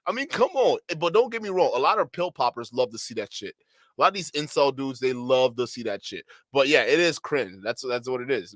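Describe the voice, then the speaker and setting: A man in a sarcastic, mocking commentary mood, his voice bright and lively as it swings up and down. He laughs often and leans on drawn-out slang. The sound is close and dry, with no room echo. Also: mid-range voice. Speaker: commentary streamer.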